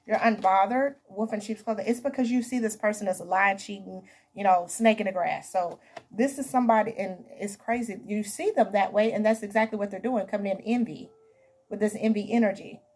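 Female tarot reader, mid-pitched and a little husky; casual, emphatic, talks straight to her viewers. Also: fairly quick, darkish tone. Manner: chatty, talks to viewers as "honey" and "baby"; emphatic, repeats herself. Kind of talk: casual tarot reading to camera.

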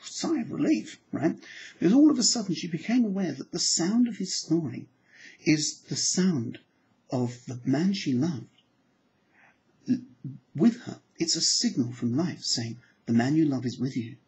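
A man, a hypnotherapy trainer, telling anecdotes in a relaxed teaching talk, slipping into soft hypnotic phrasing and acting out the people he quotes. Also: a little high, unhurried, poor audio.

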